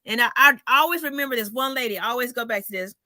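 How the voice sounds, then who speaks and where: A woman comedian telling stories in a casual chat, animated and salty, acting out the people in them. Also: fairly high pitch, fast, no room sound. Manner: animated storyteller, acts out voices, swears freely.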